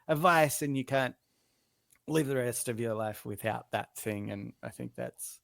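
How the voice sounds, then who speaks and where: Podcast co-host, male, gravelly fry at mid pitch, dry close mic, earnest and halting. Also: a bit bright, no room sound. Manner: earnest, halting, many restarts. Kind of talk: casual podcast chat.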